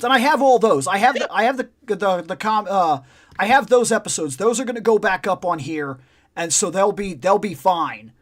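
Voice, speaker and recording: A man hosting a casual live chat show, telling stories in an animated way and swearing a lot. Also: high-pitched. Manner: profane, animated storytelling. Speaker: podcast host.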